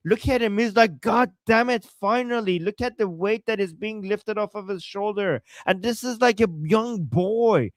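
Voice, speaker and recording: Excitable man narrating news footage. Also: high-pitched, normal speed, hardly any pauses, no echo. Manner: excited, repeats himself. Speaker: show host. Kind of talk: live commentary on news video.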